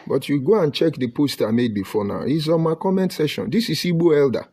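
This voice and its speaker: A Nigerian man from Delta State giving an impassioned online broadcast, preaching emphatically and swinging between loud outbursts and low murmurs. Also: animated, a little fast, husky, dry recording. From Nigeria (Delta State, Ika). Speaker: online commentator.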